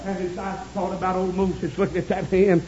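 Fervent high-voiced man preaching. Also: flat delivery, brisk, background noise. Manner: fervent, shouts praise, folksy storytelling. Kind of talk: sermon. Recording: dull lo-fi recording with congregation.

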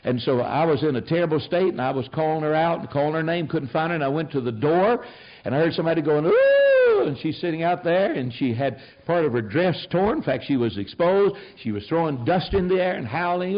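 Older man preaching, lively storytelling. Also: on the high side, quick pace. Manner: storytelling, animated and emphatic. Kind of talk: sermon. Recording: dull lo-fi sound.

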